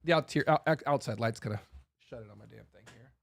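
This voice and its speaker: A man's voice: mid-range voice, brisk, creaky. A man ranting heatedly and bluntly, swearing and repeating himself as he works himself up. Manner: blunt, profane, repeats phrases, stumbles and restarts; fired up, forceful. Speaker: host.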